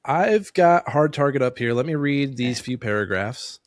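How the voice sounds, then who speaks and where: A man's voice: mid-range voice, expressive, moderate pace, no echo. A man in his thirties hosting a podcast, reading a film summary aloud with dry asides. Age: 30s. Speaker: podcast host.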